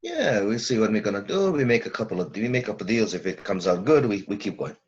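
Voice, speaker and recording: A man's voice: fairly low pitch, very animated, fairly quick, highs cut off. A man voicing a terse business owner in a put-on Brooklyn accent on a video call. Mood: gruff.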